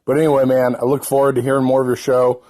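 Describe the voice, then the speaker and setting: Upbeat guy, mellow voice, friendly voicemail. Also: mid-range voice, monotone, quick pace. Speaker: caller. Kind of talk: voicemail message.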